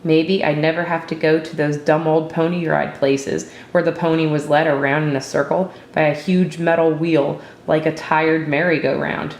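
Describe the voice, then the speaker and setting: A woman reads a first-person story aloud in a steady, reflective way. Her voice sits on the low side for a woman, and a roomy echo hangs around it. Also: moderate pace, few pauses. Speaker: narrator. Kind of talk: storybook reading.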